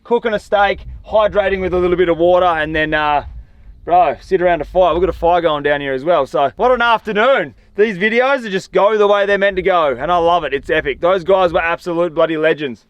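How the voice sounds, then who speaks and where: A man with an Australian accent vlogging outdoors in the desert, talking in a chatty, slangy, excitable way. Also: high-pitched, fairly quick, smooth, no room sound, lo-fi sound. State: tired. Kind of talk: casual outdoor vlog talk. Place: outdoors in desert dunes and scrub.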